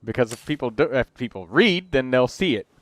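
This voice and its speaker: A man's voice: medium pitch, lively intonation, no echo. A man hosting a game livestream, chatting casually and rambling through build advice. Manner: chatty, rambling, quick asides to chat.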